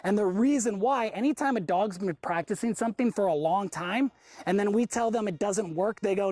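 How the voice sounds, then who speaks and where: A woman's voice: mid-range voice, quick pace, dark tone, no room sound. Chatty woman dog trainer. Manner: chatty, acts out the dog's side in dialogue. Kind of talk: group class instruction.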